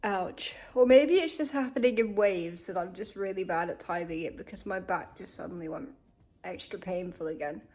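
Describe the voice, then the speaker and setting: A woman's voice: fairly low pitch, moderate pace, a little mellow. A young woman chatting casually to camera in a vlog, candid and chatty with frequent swearing, while in pain. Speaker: vlogger.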